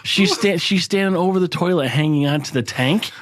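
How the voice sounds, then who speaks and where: A man's voice: high-pitched, a little fast. A man co-hosting a podcast in casual chat, with crude, profane, rambling banter. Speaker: podcast co-host. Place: podcast studio.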